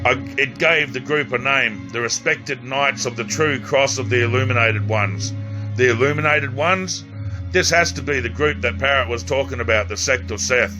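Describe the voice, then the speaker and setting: Over music, a medium-pitched man reads his own novel aloud as an amateur audiobook. His reading is halting, with occasional slips and restarted lines.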